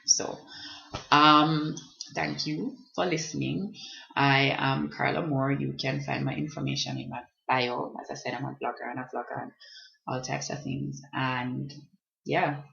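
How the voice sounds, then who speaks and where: A woman's voice: a bass voice, flat delivery, unhurried, creaky, fairly bright tone. A woman, speaking earnestly and directly to the listener in a reflective personal vlog. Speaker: blogger and vlogger. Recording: dull lo-fi recording.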